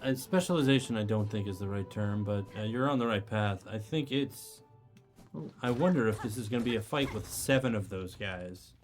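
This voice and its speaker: Deadpan man chatting over a game. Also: fairly low pitch, normal speed, soft background music. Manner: dry, deadpan quips. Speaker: co-streamer. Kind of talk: casual chat over gameplay.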